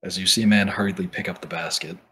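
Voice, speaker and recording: Calm, lower-pitched man running a tabletop game. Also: fast, slight background noise. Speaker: game master.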